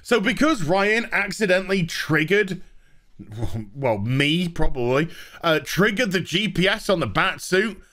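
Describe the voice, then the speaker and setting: A man's voice: high-pitched, moderate pace, few pauses, pushed and bright. A man giving a sarcastic, profane TV review rant. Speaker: host. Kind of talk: ranting TV review.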